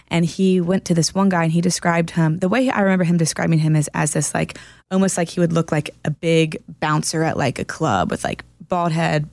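A woman's voice: lowish voice, a little fast, a little mellow, no echo, clean studio sound. A woman chatting on a podcast, telling a story in an earnest, explaining way. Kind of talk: casual chat.

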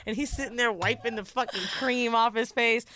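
Animated, profane woman podcast co-host. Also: a little high, a little fast, noisy background. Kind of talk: casual chat, retelling a reality show.

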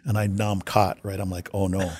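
A man telling casual stories about working in hockey, acting out shouted quotes as he goes. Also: fairly low pitch, brisk, husky, no echo. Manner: animated storyteller, acts out shouted quotes. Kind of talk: casual anecdotal storytelling.

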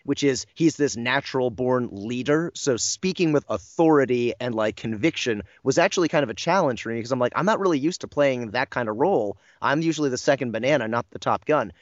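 A man's voice: mid-range voice, expressive, brisk, few pauses, dry recording, lo-fi sound. Self-deprecating man rambling in an interview. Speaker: voice actor guest. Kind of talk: casual interview chat.

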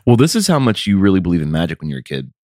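A man's voice: deep voice, huge pitch swings, racing, darkish tone, no echo, studio quality. A man in his thirties from the American South, co-hosting a podcast in a casual, rambling, wry and sometimes profane way. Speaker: podcast co-host. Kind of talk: casual chat.

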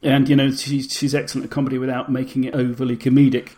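A man co-hosts a fan podcast in easygoing casual chat. His speech is relaxed and conversational. His voice sits at a middle pitch. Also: quick pace. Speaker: podcast co-host.

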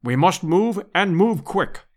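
A man voicing a bluff, slangy aristocratic English hunter who speaks briskly and heartily. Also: high-pitched, animated, darkish tone. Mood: hearty.

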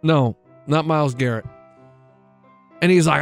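High-pitched guy telling a story on a radio show, does the other people's voices, dry sound, faint music. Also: moderate pace, no echo. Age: middle-aged. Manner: animated storyteller acting out other people's lines. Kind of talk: casual storytelling chat.

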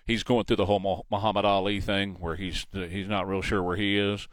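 A man's voice: deep voice, little pitch movement, brisk. A man hosting a morning talk radio show, opinionated and mocking.

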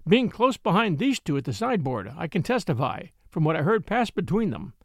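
A man reading a classic novel aloud in a wry, expressive storytelling manner, close to the mic. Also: sits high, fairly quick, dry recording. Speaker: audiobook narrator.

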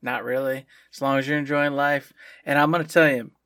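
A man co-hosting a podcast, replying in relaxed, teasing banter. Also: medium pitch, a little fast, no echo, studio quality. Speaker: podcast co-host. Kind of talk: casual chat.

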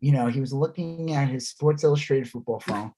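A man's voice: medium pitch, brisk, dark tone, slight background noise. A man co-hosting a casual podcast, talking politics sarcastically and slipping into mocking impressions. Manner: sarcastic, drops into mocking voices. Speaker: podcast co-host.

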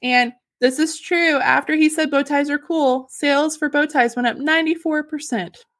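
A woman's voice: sits high, steady tone, moderate pace, fairly bright tone. A woman casually sharing fun facts on a podcast, giggly and enthusiastic. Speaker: podcast host. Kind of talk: casual chat, reading out facts.

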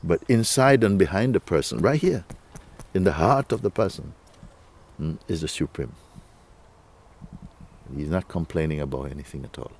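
A man with a low voice leads a spiritual talk for a gathering. His tone is dark and mellow. He speaks slowly and coaxingly, with soft chuckles and frequent checks of "you see?". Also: animated, slight background noise. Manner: unhurried, coaxing, often asks "you see?". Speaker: spiritual teacher.

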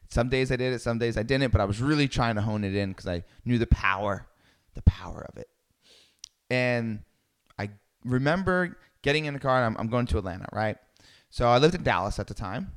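A man telling a personal travel story in a lively way, acting out the people he quotes. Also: mid-range voice. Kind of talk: storytelling talk.

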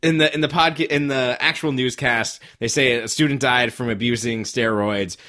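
Man, bright tone, mid pitch, casual movie recap, joking asides. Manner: joking, enthusiastic, quick asides. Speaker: podcast co-host.

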